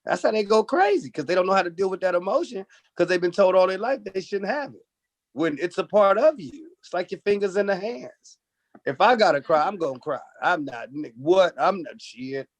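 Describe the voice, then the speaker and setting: A male comedian from Oakland, telling stories in an animated, profane way during a casual podcast interview. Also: high-pitched, a little fast. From Oakland, California. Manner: animated storytelling, acts out voices, profane. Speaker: comedian guest.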